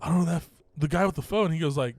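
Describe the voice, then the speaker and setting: A man's voice: a little high, very fast, a little mellow. A young man hosting a podcast, telling a story in casual talk, laughing often, swearing, and acting out other people's lines. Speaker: podcast co-host.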